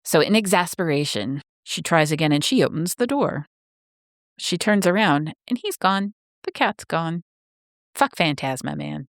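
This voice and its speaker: Low, gravelly woman, laid-back recap. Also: expressive, unhurried, no echo, clean studio sound. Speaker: podcast co-host. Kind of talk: casual book-club chat, recapping a plot.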